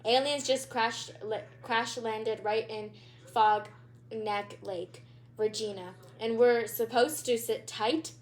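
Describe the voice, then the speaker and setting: A woman's voice: a little high, fairly even intonation, takes it slowly. A woman voicing a dramatic young boy, the little brother, in a storybook read-aloud. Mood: sarcastic.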